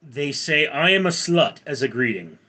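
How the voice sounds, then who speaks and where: A man's voice: on the high side, very animated, moderate pace, pushed and bright. A man in his forties hosting a live stream, reading out viewer comments and rambling in reply. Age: 40s. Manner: rambling, reads viewer comments aloud and answers them. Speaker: livestream host.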